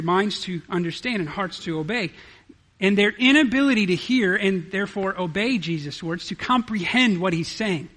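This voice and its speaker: A man's voice: high-pitched, fairly bright tone. A man preaching an expository sermon, quoting scripture aloud and posing rhetorical questions in an earnest way. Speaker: pastor.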